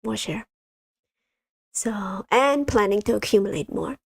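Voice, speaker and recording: A woman's voice: mid-range voice, unhurried, gravelly, no echo. A woman hosting a casual livestream, rambling with many fillers and talking straight to her viewers. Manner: rambling, many ums, addresses viewers as you guys. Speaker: livestream host.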